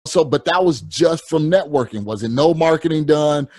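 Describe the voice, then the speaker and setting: A man's voice: fairly high pitch, expressive, moderate pace, a little mellow, dry recording. A man hosting a podcast, talking earnestly and repeating himself as he drives a point home. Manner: earnest, repeats himself, gives short "yep" backchannels. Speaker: podcast host. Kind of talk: casual chat.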